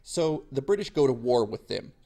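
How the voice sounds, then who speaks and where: A man's voice: mid-range voice, big pitch swings, moderate pace, mellow. A young man teaching history in a casual, slangy lecture, sarcastic and acting out quoted voices.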